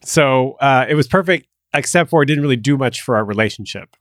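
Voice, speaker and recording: A man's voice: mid-range voice, lively intonation, fairly quick, a bit bright, dry recording, studio quality. A man hosting a podcast interview, frankly sharing a personal story.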